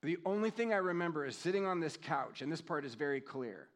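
Middle-aged male pastor, slightly high voice, conversational sermon delivery, slows down for scripture. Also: animated. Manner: conversational, reflective, reads scripture slowly.

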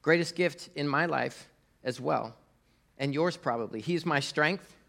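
A man's voice: fairly high pitch, measured pace, vocal fry, fairly bright tone. A middle-aged man giving a conversational sermon as pastor, speaking casually to the congregation with fillers and prompts to the audience.

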